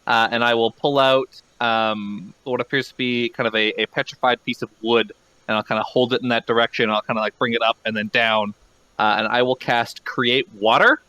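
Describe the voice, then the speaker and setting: A man playing a tabletop role-playing game, describing his character's actions in a measured, deliberate way. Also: medium pitch, fairly even intonation, sharp tone, no room sound, low-quality recording. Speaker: player. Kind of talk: casual in-character play.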